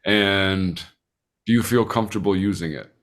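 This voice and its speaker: A middle-aged man hosts a loose podcast conversation in a fairly low voice. He asks relaxed, curious questions and drops casual swear words. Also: normal speed. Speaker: podcast host.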